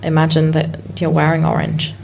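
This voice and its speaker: A woman's voice: low voice, monotone, moderate pace, gravelly, darkish tone, a little hiss or hum. A woman co-hosting a comedy podcast, bantering in a dry, mock-solemn, teasing way. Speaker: podcast co-host.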